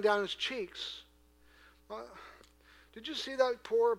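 A man preaching a sermon to a church congregation, earnest and full of rhetorical questions, moving between hushed asides and loud, emphatic passages. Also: very high voice, fairly even intonation, takes it slowly, pauses often. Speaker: pastor.

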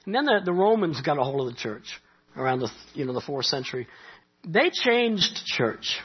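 A man's voice: fairly high pitch, big pitch swings, moderate pace, breathy edge, lo-fi sound. A middle-aged man from Canada preaching a sermon, talking conversationally with asides and rising animation. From Nova Scotia, Canada. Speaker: pastor.

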